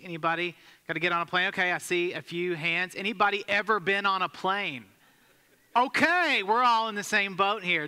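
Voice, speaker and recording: A man's voice: sits high, pushed and bright, clear, resonant tone. A man giving a sermon as a pastor, telling a story conversationally and asking the congregation questions. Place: church sanctuary. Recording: long hall reverb.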